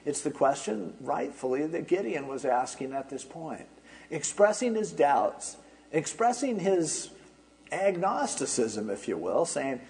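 A man's voice: on the high side, big pitch swings, unhurried, vocal fry, a little mellow, low-quality recording. A man pastor preaching an expository sermon, explaining in a conversational way with wry asides.

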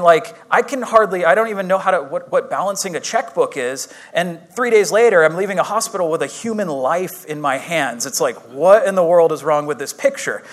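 Young dude youth pastor, high voice, rambly funny sermon story. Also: male voice, fairly bright tone. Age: young adult. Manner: casual, chatty, self-deprecating storytelling with many restarts.

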